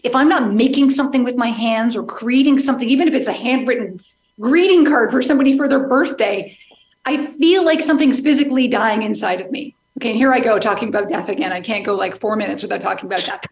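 A woman's voice: on the high side, quick pace, roomy sound. A woman guest speaking in a reflective, chatty way, poking fun at herself. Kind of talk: conversational interview talk.

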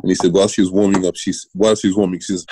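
Deep-voiced man telling coaching stories. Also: flat delivery, very fast, mellow, slight background noise, low-quality recording. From Britain. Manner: rambling anecdotes with restarts and laughs. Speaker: guest, former Olympian and coach. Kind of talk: casual storytelling interview.

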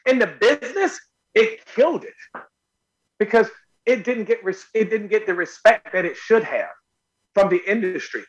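A middle-aged man with a fairly high voice tells stories from his acting career in an interview. He is emphatic and excitable, and his voice jumps up in pitch and volume when he acts out a moment. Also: moderate pace, long pauses, breathy edge, highs cut off. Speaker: actor guest. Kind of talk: animated storytelling interview.

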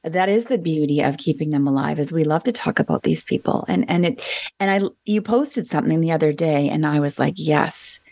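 A woman hosting a podcast, her voice low and full of vocal fry. She is recorded close and dry, without room echo, and speaks in a supportive, reflective way. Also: brisk. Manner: supportive, with frequent quiet backchannels. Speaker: podcast host. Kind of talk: conversational interview.

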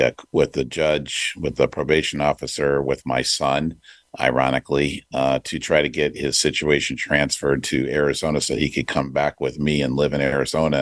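A middle-aged man hosting a talk show, telling a personal story in an earnest, reflective way, pausing with fillers and restarting his sentences. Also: extremely low pitch, no echo, clean studio sound. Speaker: podcast host.

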